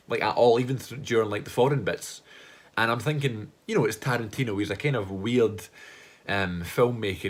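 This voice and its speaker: Rambling, lower-voiced man chatting about films. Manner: rambling, enthusiastic, slangy with casual swearing. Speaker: film vlogger and podcast host. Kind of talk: casual film-list vlog.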